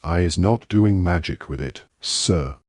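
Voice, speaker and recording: A man's voice: low voice, unhurried, no room sound, studio quality. A man voicing a frightened female house-elf who stammers and pleads in broken grammar. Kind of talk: audiobook reading.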